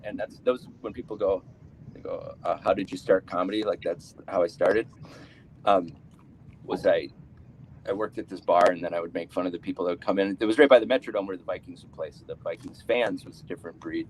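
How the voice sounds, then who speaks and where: A man's voice: low voice, slight background noise, rough recording. A man, doing a rambling live stand-up set, cutting himself off and laughing at his own jokes. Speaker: stand-up comedian.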